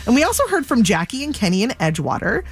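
A woman co-hosting a radio fundraiser, excited and laughing often as she announces a challenge. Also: on the high side, fast, vocal fry, husky. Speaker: radio co-host. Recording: radio studio with faint music.

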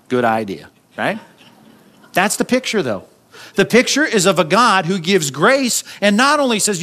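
A man's voice: high-pitched, expressive, moderate pace, pushed and bright. A man preaching a sermon in a conversational way, often checking in with "right?" and acting out quoted lines. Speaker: pastor.

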